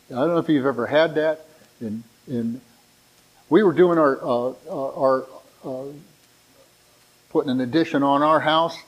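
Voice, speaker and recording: A middle-aged pastor preaching in a loose, conversational manner, repeating and restarting words as he goes. His voice sits a little high for a man. He breaks up the teaching with homely asides. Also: poor audio. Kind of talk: sermon.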